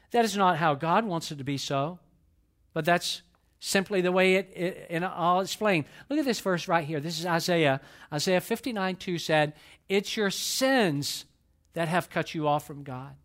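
Guy preaching in church, kinda high voice, repeats lines, goes big then goes quiet. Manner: impassioned, repetitive preaching with sudden swells and hushed drops. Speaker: pastor. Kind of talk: sermon. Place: church service.

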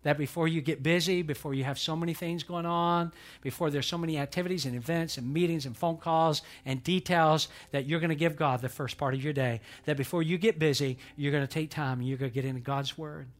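A male pastor delivers a sermon to his church. His voice sits a little high for a man. He hammers key phrases with force, then drops to soft, confiding asides. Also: steady tone, brisk, few pauses. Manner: emphatic preacher, swings between loud pushes and quiet asides.

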